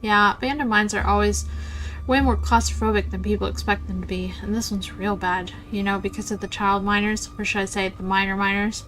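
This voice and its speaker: A woman's voice: mid-range voice, fairly even intonation, brisk, fairly bright tone, lightly acted, low-quality recording. A woman voicing a cheerful young ghost hunter with a teasing, morbid humor, reading lines from a game. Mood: breezy. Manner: breezy, teasing.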